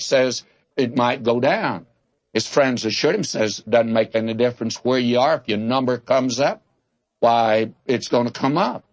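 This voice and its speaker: A man's voice: mid-range voice, moderate pace, dry recording, dull audio. An older man giving a folksy, conversational Bible teaching, drawing out key words for emphasis and telling humorous anecdotes.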